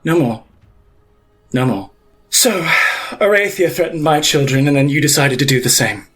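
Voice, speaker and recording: A man voicing a vengeful woman pontiff who protects her feeding children, speaking low and measured. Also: fairly bright tone, husky. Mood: furious.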